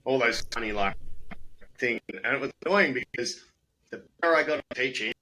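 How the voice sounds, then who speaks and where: A man's voice: medium pitch, a little fast, slight background noise, low-quality recording. A young Australian man, a comedian and former teacher, telling anecdotes in a casual chat and acting out the voices. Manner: animated, acts out voices in anecdotes.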